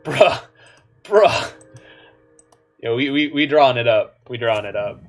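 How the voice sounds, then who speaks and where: A man's voice: mid-range voice, expressive, unhurried. Playful man chatting through a card game. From Canada. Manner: playful, joking, muttered asides. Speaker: online card game player. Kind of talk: casual gameplay commentary.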